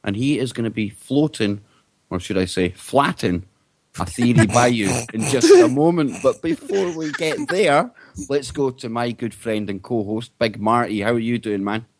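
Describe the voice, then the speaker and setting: A man hosting a radio talk show with a cheerful, joking manner. His pitch sits in the middle and the sound is close and dry. He is lively and welcoming as he introduces the panel. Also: normal speed, dry recording. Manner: upbeat, jokey, welcoming.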